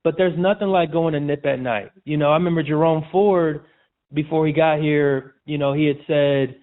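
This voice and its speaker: A man, a sports reporter appearing as a guest, talking casually and loosely in a relaxed, chatty way. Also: on the high side, moderate pace. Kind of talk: casual interview chat. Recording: tinny phone-like audio.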